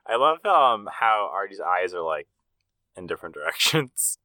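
A young man trades quick jokey remarks on a casual podcast. His voice is low yet bright, and it swings widely in pitch. The recording is close and dry. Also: sing-song, no room sound. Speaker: podcast co-host.

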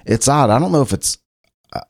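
A man's voice: mid-range voice, animated, brisk, vocal fry, no echo, studio quality. A man from Cincinnati, Ohio, hosting a casual solo talk show, rambling loosely with frequent restarts. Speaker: podcast host.

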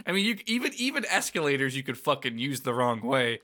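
Bright-voiced, wry podcast co-host. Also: male voice, medium pitch, big pitch swings, a little fast. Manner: wry and joking, reads story beats aloud. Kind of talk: casual podcast chat recapping a game.

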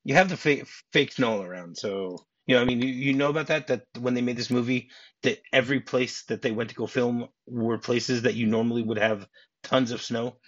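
A middle-aged man hosts a casual film podcast, husky and a bit breathy at a middle pitch. He rambles and restarts. The audio is dull and dry, like a home setup. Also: fairly quick, dry recording. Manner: rambling, many restarts, chuckling asides. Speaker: podcast host. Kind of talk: casual film-discussion chat.

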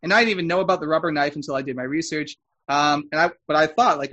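A man's voice: fairly high pitch, fairly quick, fairly bright tone, low-quality recording. A man co-hosting a casual chat, rambling with fillers and restarts. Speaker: podcast co-host. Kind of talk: casual chat reviewing an anime dub.

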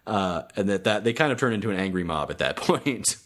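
Man, very low voice, casual podcast chat, halting with restarts. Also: animated. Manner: halting, many restarts and fillers. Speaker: podcast co-host recapping a cartoon episode.

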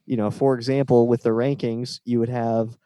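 A man's voice: medium pitch, level tone, normal speed, dark tone, no room sound. A man co-hosting a casual sports podcast, reading out matchups and steering the chat. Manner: reads out matchups, leading the talk. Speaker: podcast co-host.

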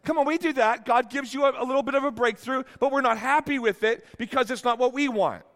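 High-voiced preacher in a reverberant hall. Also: male voice, brisk. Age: 50s. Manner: candid storytelling, swings from hushed to exclaiming. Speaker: pastor. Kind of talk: sermon.

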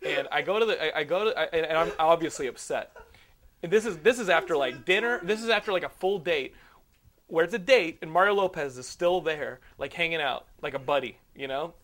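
A slightly high-voiced man hosts a casual podcast and tells rambling stories. He swears freely and keeps the telling lively. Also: brisk. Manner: profane, rambling and animated storyteller. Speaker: podcast host.

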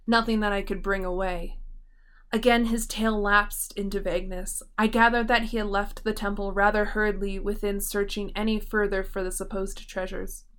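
A woman narrating a horror story audiobook in a measured, grave manner. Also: medium pitch, flat delivery, fairly bright tone. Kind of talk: audiobook reading of a horror tale.

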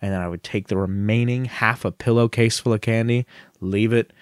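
A man's voice: fairly low pitch, steady tone, a little fast, no echo. A man in his thirties co-hosting a podcast, chatting casually with jokey asides and silly impressions. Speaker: podcast co-host. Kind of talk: casual chat.

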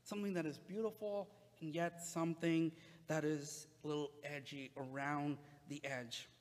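A male pastor preaching a sermon in a relaxed, conversational way, with frequent "uh" fillers. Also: on the high side, normal speed, long reverb tail.

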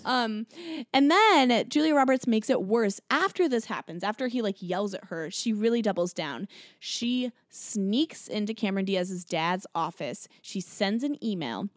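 A woman's voice: mid-range voice, expressive, measured pace, no room sound, studio quality. A young woman co-hosting a podcast, casually recapping a film with lots of fillers and acted-out quotes. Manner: chatty, lots of likes and ums, acts out quotes. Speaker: podcast co-host.

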